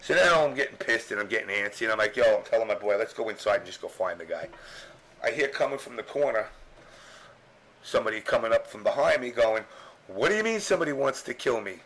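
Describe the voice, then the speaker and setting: A middle-aged New York man, a former strategy guide writer appearing as a podcast guest, tells a rambling, profane story in casual chat, packed with fillers. His voice sits fairly low with lively intonation and a slightly bright tone, and he talks fast. The recording is rough.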